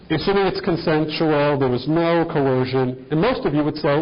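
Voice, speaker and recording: A man's voice: fairly high pitch, lively intonation, brisk, highs cut off. A man giving a conversational lecture to a live audience, posing questions to the room as he walks through cases. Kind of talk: continuing-education lecture.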